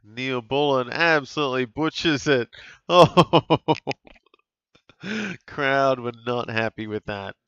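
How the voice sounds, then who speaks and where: Aussie bloke, unhurried live footy commentary, smooth voice, dull muffled mic. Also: male voice, mid-range voice, no echo. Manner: relaxed, chatty, bursts of excitement at big plays. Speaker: fantasy football streamer calling a live watch-along. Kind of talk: casual live game commentary.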